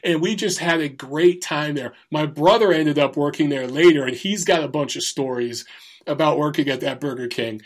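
A man's voice: fairly high pitch, moderate pace. A man telling crude job stories in a casual, profane way, often laughing through the punchlines. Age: adult, former Marine. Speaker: storyteller. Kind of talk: casual storytelling.

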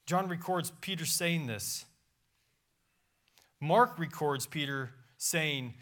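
A man's voice: a little high, takes it slowly, pauses often, fairly bright tone. A pastor preaching a sermon in a church, reading scripture aloud with emphatic rises and drops in his voice. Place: church sanctuary.

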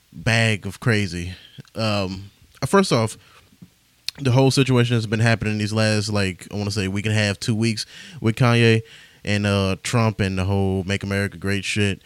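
A young male podcast host talks loosely and profanely, circling back on his own thoughts and laughing at himself. His voice sits a little low. The recording is dry and close, with no room sound. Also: smooth, no echo. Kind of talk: casual podcast monologue.

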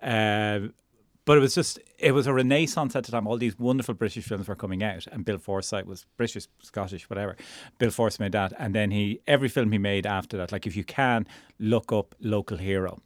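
A man's voice: lowish voice, steady tone, fairly quick, dry recording, clean studio sound. A middle-aged man chatting casually about films, enthusiastic and laughing heartily. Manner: enthusiastic, laughs heartily, voice leaps up when amused. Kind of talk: casual chat.

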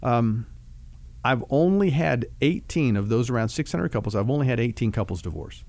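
A man in a counseling role tells a down-to-earth story to illustrate his advice, relaxed and folksy. His voice sits in the middle range. The sound is close and dry, with no room echo. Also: mid-range voice, moderate pace, gravelly. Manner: folksy storytelling with vivid food analogies. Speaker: marriage counselor. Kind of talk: conversational teaching on a talk show.

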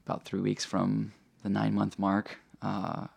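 A man with a low, gravelly voice tells a personal story in a loose, casual way. He keeps it lively with lots of fillers and acts out the people he quotes. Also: a little slow. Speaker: guest telling a personal story.

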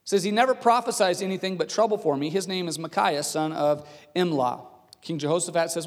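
A man preaching with a slightly raised voice, telling a scripture story and putting on its characters. He is animated and conversational, and his voice rings through a hall with a long reverb. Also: a little high, a little fast. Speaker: pastor. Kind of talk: sermon storytelling.

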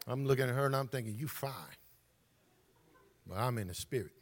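A man's voice: medium pitch, very fast. A man preaching a fervent sermon as pastor, calling out to his congregation. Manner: fervent, call-and-response preaching.

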